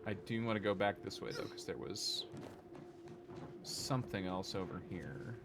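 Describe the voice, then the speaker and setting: A man's voice: on the low side, moderate pace, background noise. A man casually thinking aloud while he plays a game from his home desk, swearing when he gets annoyed. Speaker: streamer. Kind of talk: casual gameplay commentary.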